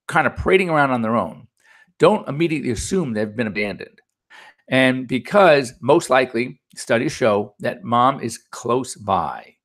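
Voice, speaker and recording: Gravelly chatty male vet host. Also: mid-range voice, a bit bright. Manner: chatty, anecdotal, upbeat. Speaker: veterinarian radio host. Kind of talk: casual chat.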